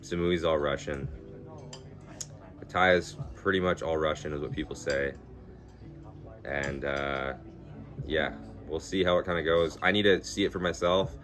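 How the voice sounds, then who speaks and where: A man's voice: very deep voice, steady tone, measured pace, long pauses, a bit bright. A man live-streaming, chatting casually with viewers in a rambling, laid-back way, swearing freely and laughing through his stories. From Canada. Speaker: livestreamer.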